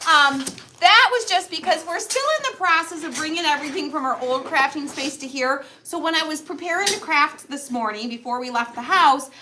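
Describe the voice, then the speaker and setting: A woman's voice: sits high, fairly quick, bright, forceful tone, a little hiss or hum. A middle-aged woman hosting a live crafting tutorial from her home craft room, chatty and playful, laughing often and teasing. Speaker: craft show host.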